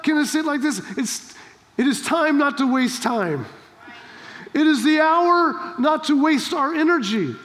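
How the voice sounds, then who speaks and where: High-voiced man preaching in a hall. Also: expressive, a little slow. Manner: emphatic, rhetorical questions, rising to shouts. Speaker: pastor. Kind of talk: sermon. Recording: long hall reverb.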